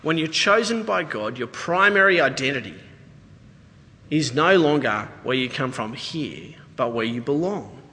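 Aussie guy preaching, high-pitched and bright, chatty asides, big echoey hall. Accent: Australian. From Australia. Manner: conversational, animated preaching with asides. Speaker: pastor. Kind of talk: sermon. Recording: reverberant church hall.

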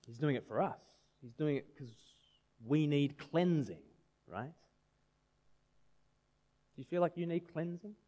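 Guy in his 30s preaching, chatty, keeps asking the crowd stuff, kinda high voice. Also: lively intonation, unhurried, pauses often, mellow. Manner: conversational, asks the audience questions. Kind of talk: sermon.

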